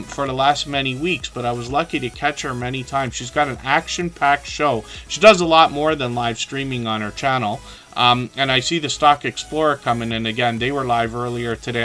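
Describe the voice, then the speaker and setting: A man hosting a casual live stream, talking in a rambling, chatty way with lots of fillers and a slightly hoarse, tired voice. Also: mid-range voice, pushed and bright.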